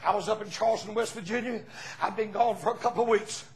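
An older man with a Southern US accent preaching a fiery revival sermon in a church, rising into shouted peaks and asking the congregation to answer back. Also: high-pitched, steady tone, quick pace. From Southern United States.

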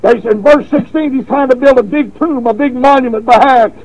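A man preaching a revival sermon, telling a folksy story with repeated words, then stressing points with slow emphasis. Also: very high-pitched, a little mellow, dull audio.

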